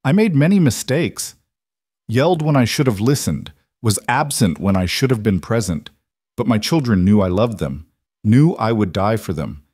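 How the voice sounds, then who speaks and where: A man voicing a wise elderly male tribal chief, calm and solemn, with slow, measured, grave speech. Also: on the low side, husky, no echo. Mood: earnest.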